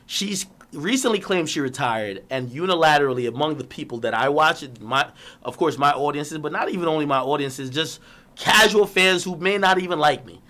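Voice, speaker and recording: A man's voice: a little high, lively intonation, moderate pace, pushed and bright. A man on a live stream, ranting animatedly, laughing often and swearing as he reads out messages.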